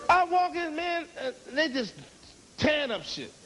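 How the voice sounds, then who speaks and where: A man doing stand-up comedy storytelling on stage, profane and animated, acting out other people's voices. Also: very high-pitched. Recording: live recording with loud audience laughter and noise.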